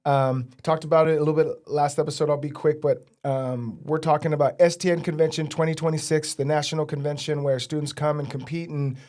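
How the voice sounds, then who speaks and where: A man's voice: fairly high pitch, a little mellow. A middle-aged man, a teacher and program director, hosting a casual interview with an upbeat, encouraging manner and many fillers.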